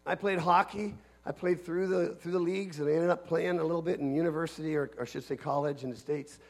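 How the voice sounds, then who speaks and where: A man's voice: on the high side, steady tone, fast talker. A pastor from Canada preaching a sermon to his congregation, earnest and emphatic, leaning on repetition.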